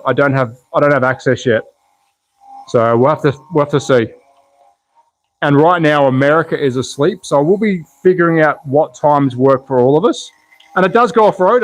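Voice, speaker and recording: Chatty Australian man on a live stream. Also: a little high. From Australia, Melbourne. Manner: chatty, thinks aloud, reads and answers chat. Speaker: slot car channel host. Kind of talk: casual live stream chat.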